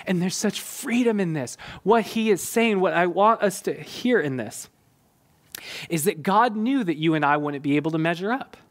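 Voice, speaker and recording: A middle-aged man preaching in an earnest, conversational way, pausing on fillers as he works through a passage. His voice sits a little high for a man. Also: lively intonation. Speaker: pastor. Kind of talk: sermon.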